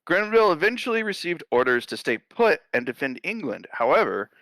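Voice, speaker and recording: A man's voice: a little high, a little fast, no room sound. A man co-hosting a comedy history podcast, reading the story and riffing on it with swearing and frequent laughter. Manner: animated, swearing, laughing often. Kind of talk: casual comedic history chat.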